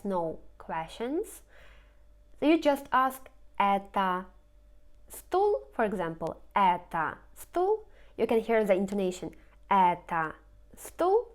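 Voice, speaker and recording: A woman teaching in English, her tongue, repeating each new word twice. She speaks slowly and deliberately, at a mid pitch, walking through slides one word at a time. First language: Russian. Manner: repeats each word slowly and clearly, rising question intonation. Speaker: language teacher. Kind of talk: slow lesson narration over slides.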